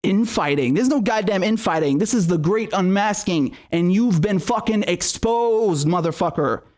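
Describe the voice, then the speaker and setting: A man's voice: sits high, lively intonation, normal speed, darkish tone. A man hosting a political livestream, reading viewer messages and then ranting in an angry, profane, repetitive way. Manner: profane, angry, repeats himself. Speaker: political commentary host.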